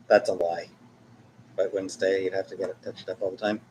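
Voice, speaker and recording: A man's voice: low voice, flat delivery, a little fast, darkish tone, a little hiss or hum, poor audio. A man in his forties chatting casually while showing family photos, rambling, jokey and self-mocking. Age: 40s. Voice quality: husky. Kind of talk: casual chat.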